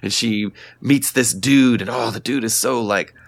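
A man guesting on a podcast as an author, talking in an animated, rambling way with lots of fillers and laughter. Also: mid-range voice, a little slow, creaky. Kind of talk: casual podcast chat.

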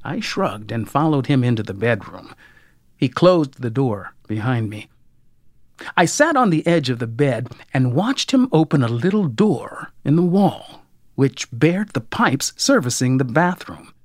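Wry first-person storyteller, unhurried and dry, lively intonation, close studio sound, occasional whispered asides. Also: mid-range voice, dry recording. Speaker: audiobook narrator. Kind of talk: scripted first-person narration.

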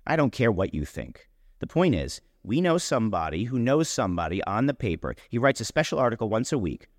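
An eager young woman with a stubborn streak comes through as she coaxes and insists, her voice lifting and swooping with lively rises, as a man reading the story puts her on. The reading is audiobook-style, closely miked with a long reverb tail behind it. There is no roominess in the nearby sound; the trail is long and hall-like. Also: fairly low pitch, a little fast, clean studio sound. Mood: coaxing. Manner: insistent, coaxing. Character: eager determined young woman, proud and pushy.

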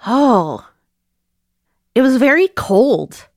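A woman co-hosting a casual podcast discussion, chatty and quick and heavy with "like" fillers, on a close mic. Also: fairly high pitch, big pitch swings, dry recording. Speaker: podcast co-host.

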